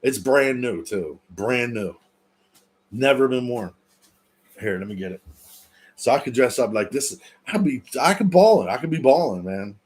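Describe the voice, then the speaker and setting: A man's voice: mid-range voice, expressive, measured pace, long pauses, slightly rough. A man in his thirties chatting casually and joking on his own livestream, swearing and laughing often. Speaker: livestream host.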